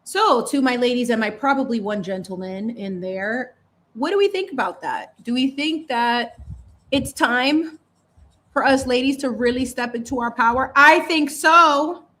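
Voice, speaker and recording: A young adult woman hosts a painting livestream, chatting casually and expressively as she works, in a voice on the high side at a moderate pace. She laughs often, stretches out words for emphasis, and shifts between warmly thanking viewers and heartfelt talk.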